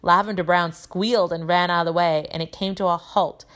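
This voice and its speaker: A woman teacher reading a children's novel aloud, telling it in a lively way with voices for the characters. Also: fairly low pitch, fairly quick.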